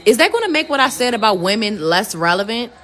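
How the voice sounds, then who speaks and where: A woman's voice: a little high, sing-song, fast talker, sharp tone. A woman speaking to camera in an exasperated, rhetorical way. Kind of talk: opinion clip to camera.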